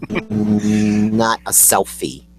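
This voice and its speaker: A man's voice: on the low side, low-quality recording. An American man hosting a podcast in casual chat, joking and rambling as he tells a story. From United States. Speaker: podcast host.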